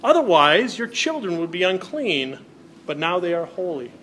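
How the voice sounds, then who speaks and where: A male pastor with a high-pitched, fairly bright voice and big pitch swings preaches at normal speed, with a little hiss or hum in the audio. His sermon alternates between reading scripture aloud and explaining it to the congregation.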